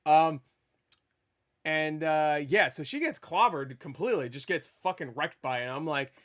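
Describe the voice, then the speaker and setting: A man giving a casual spoiler review of a movie, rambling and excitable, swearing freely and stumbling over restarts. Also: fairly high pitch, moderate pace. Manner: rambling, profane, with stammered restarts; animated and excitable.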